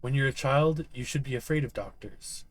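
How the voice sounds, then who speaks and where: A man's voice: medium pitch, normal speed, natural voice. A man voicing a jovial but menacing older asylum doctor who talks in a smug, teasing way.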